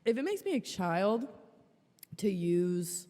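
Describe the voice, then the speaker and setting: A woman's voice: mid-range voice, big pitch swings, slow, dark tone. Woman ranting frankly in a reverberant room. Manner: profane, rambling and frank. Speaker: podcast host. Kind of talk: casual solo storytelling.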